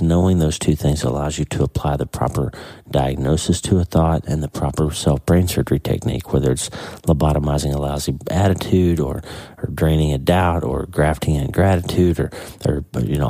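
A man's voice: extremely low pitch, mellow, no echo. A man hosting a faith podcast, talking earnestly with many restarts, his voice cracking with emotion. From United States. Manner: earnest, halting, repeats words. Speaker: podcast host. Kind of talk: casual devotional talk.

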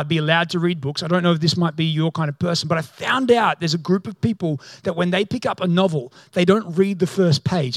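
Pastor, male, lively storytelling sermon voice, a little high, dry close sound. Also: dry recording. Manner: storytelling preacher, voices the figures, turns loud and excited.

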